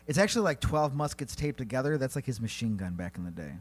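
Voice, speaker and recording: A man co-hosting a comedy podcast, narrating a silly battle with lively delivery and sudden high-pitched character voices. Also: quick pace, faint music behind. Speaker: podcast co-host. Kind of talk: comedic storytelling banter.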